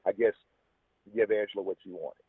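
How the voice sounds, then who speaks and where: Husky low-voiced man rambling. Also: steady tone, brisk, dry recording. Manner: rambling, with repeated restarts. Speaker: podcast guest. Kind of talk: casual storytelling. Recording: tinny, phone-like dry sound.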